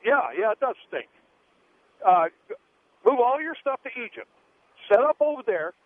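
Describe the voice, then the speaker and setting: A man's voice: extremely high pitch, sing-song, unhurried, no echo. A man in his sixties calling in to a radio show, bluntly lecturing and scolding another caller. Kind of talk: call-in radio argument. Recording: tinny phone line.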